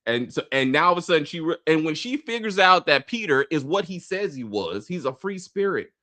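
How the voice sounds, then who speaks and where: Animated high-voiced man reviewing a movie. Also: a little fast. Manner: emphatic, exasperated, repeats no for emphasis. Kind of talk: casual movie review chat.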